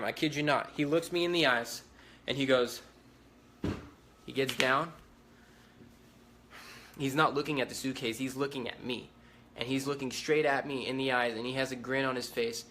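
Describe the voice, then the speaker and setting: Young man with a bright, forceful voice. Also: medium pitch, a little hiss or hum. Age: young adult. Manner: rambling, repetitive, urgent retelling. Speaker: eyewitness. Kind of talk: casual livestream account. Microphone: phone livestream.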